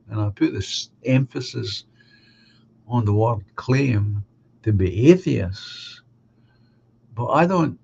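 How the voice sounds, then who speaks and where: A man hosting a live stream, chatting casually and giving opinions, halting and restarting as he talks. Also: medium pitch, vocal fry, a little mellow, husky. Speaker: live stream host reading viewer comments. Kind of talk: casual chat. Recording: dull lo-fi sound with faint hum.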